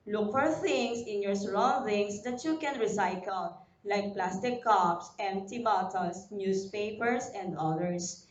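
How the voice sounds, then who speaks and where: Slow, deliberate Filipino woman teacher. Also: mid-range voice, darkish tone. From Philippines. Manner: slow, deliberate classroom delivery, spelling words letter by letter. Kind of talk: recorded online lesson for young pupils. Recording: dull, roomy sound, voice a bit far from the mic.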